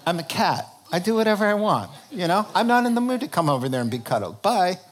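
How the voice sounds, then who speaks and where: A man's voice: high voice, very animated. A man doing a dismissive, self-willed house cat. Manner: quick and dismissive.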